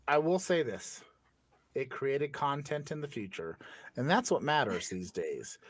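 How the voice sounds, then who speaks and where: A man with a fairly high voice hosts a loose comedy podcast. He talks in animated, joking bursts, piling on wry asides. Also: no echo. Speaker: podcast host. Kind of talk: casual comedic chat.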